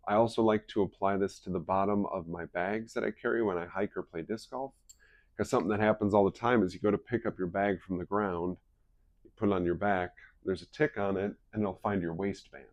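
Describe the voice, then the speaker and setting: Male wellness presenter, lowish voice, anecdotal and chatty, live group talk. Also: steady tone, a little fast, dry recording, dull audio. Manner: chatty storyteller who laughs at his own stories.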